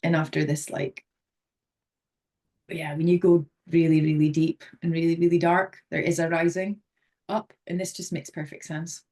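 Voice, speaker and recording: A woman's voice: deep voice, flat delivery, normal speed, warm tone. A woman co-hosting a podcast, speaking in an earnest, candid way. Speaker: podcast co-host. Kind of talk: casual conversational podcast chat.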